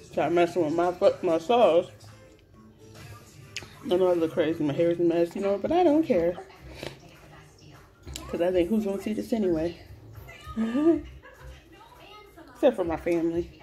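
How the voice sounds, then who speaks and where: Woman vlogger, low mellow voice, relaxed eating chatter into a phone. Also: a little slow, long pauses, soft background music. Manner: laid-back, chatty, laughs often, mumbles while eating. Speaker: mukbang vlogger. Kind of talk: casual eating chat to camera. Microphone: phone camera.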